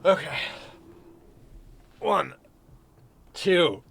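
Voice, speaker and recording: Male game streamer with a bright, forward tone, rambling and casual. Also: fairly high pitch, animated, extremely slow, gravelly, slight background noise. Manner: rambling, loose and chatty, swears now and then. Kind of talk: casual let's-play commentary.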